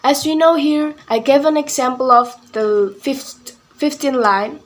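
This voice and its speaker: A young woman student giving a class presentation, reading carefully and deliberately with some restarts. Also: high voice. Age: young adult. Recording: faint background noise.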